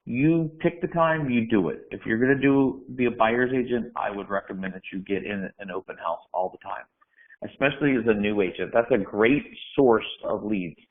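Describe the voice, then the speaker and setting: A man's voice: fairly low pitch, normal speed. Man coaching agents over a tinny line. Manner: direct, coaching, rhetorical questions. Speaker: real estate trainer. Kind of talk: instructional talk to camera. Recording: phone-like narrow sound.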